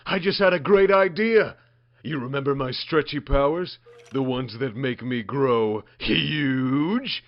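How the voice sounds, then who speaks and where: A man's voice: medium pitch, slow. A man voicing a laid-back male cartoon dog, easygoing and buddy-like. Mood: eager. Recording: muffled lo-fi recording.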